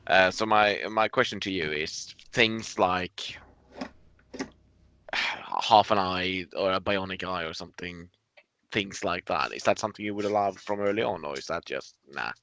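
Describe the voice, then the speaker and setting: A man's voice: sits low, measured pace, sharp tone, slight background noise. A man talking through his character ideas as a player, hesitant and full of restarts. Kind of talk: casual tabletop game chat.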